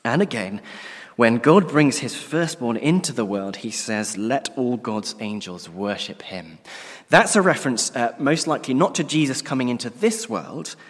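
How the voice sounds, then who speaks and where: A man preaching a sermon, earnest and emphatic, often trailing off to a hushed tone at the ends of phrases. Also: mid-range voice, very animated, moderate pace, husky. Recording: long reverb of a large hall.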